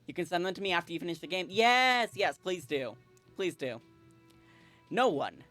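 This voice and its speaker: Role: streamer. Sex: female. Style: casual gameplay commentary. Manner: excitable, jokey, swears. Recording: dry, close mic. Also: lowish voice, quick pace, no echo, faint music behind.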